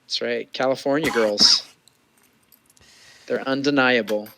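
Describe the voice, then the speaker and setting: A man's voice: mid-range voice, steady tone, measured pace, vocal fry, pushed and bright, low-quality recording. A man co-hosting a casual watch-along, chatty and joking, often laughing. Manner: chatty, jokey, laughs a lot. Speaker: co-host. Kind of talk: casual chat while watching a show.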